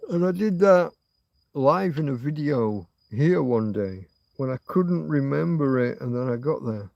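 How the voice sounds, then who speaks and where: A man's voice: medium pitch, animated, unhurried, gravelly, no room sound, lo-fi sound. A middle-aged man hosting a late-night livestream from outdoors, musing and swearing as he chats. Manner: musing, sweary, self-talking. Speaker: livestream host. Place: outdoors at night near a road.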